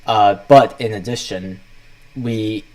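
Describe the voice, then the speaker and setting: A man's voice: fairly low pitch, slow pace, a little mellow, poor audio. A young man hosting a casual livestream, rambling loosely as he talks himself through setting things up.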